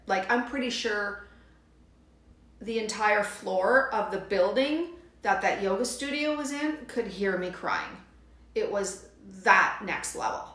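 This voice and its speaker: A woman hosting a podcast, telling a personal story in a casual, animated way and quoting others as she goes. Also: a little high, echoey room. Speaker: podcast host, yin yoga teacher.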